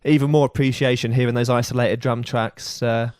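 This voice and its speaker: A man's voice: mid-range voice, level tone, fairly quick, a little mellow. A man co-hosting a comedy podcast, talking casually and rambling with lots of "uh" and "you know" between jokey asides. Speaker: podcast co-host.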